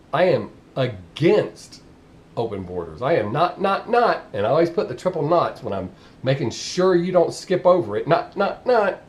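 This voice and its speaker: A man's voice: mid-range voice, darkish tone. A man with a Southern US accent, ranting bluntly and profanely in a casual vlog monologue. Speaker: vlogger.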